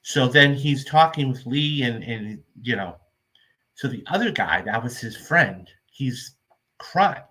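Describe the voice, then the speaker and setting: A man's voice: medium pitch, lively intonation, takes it slowly, bright, forceful tone. A man hosting a film review show, retelling movie scenes in a rambling, casual recap full of "okay?" check-ins.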